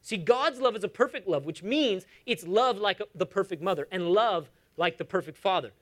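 A pastor in his thirties delivers a sermon in a high voice that swings widely in pitch. His manner is conversational and animated, with humorous asides and emphatic repetition. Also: moderate pace.

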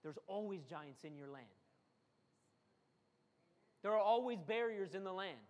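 Preaching a dramatic, repetitive sermon, this man has a high, animated voice with a darkish tone and a measured pace. He repeats phrases for emphasis and briefly acts out the voices of the people he quotes.

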